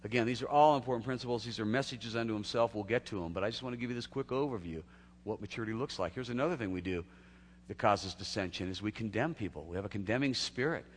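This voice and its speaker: A man preaching in a somewhat low voice, easygoing and chatty rather than formal. His voice carries a long reverb, as if the sound fills a large church hall. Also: fast. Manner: conversational preaching with acted quotes and laughs. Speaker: pastor. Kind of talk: sermon.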